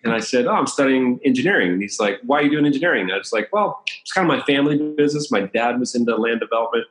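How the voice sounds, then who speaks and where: A man's voice: medium pitch, expressive, very fast, a bit bright. A man from the Washington, D.C. area who works as a chiropractor, telling casual, anecdotal stories in an interview and laughing between them. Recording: roomy echo.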